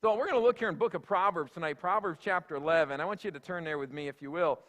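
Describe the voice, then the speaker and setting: High-pitched pastor preaching in a church, chatty and folksy, lots of uh and you know, big echo. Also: male voice, quick pace, fairly bright tone. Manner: folksy, conversational, full of fillers and asides. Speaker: senior pastor. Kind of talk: sermon. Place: church sanctuary. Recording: echoey church hall.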